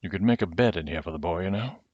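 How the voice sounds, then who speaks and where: Casting: a man reading a deep-voiced, formal graveyard guardian, calm and measured, muffled dry webcam sound. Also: no room sound.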